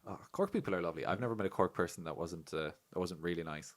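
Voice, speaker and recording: This is a young Irish man co-hosting a relaxed podcast, his voice sitting on the low side. He tells stories with plenty of swearing and laughter, and bursts into loud put-on voices when he quotes people. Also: quick pace. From Ireland. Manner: animated, swearing, laughs often, acts out quotes loudly. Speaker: podcast co-host. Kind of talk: casual podcast chat.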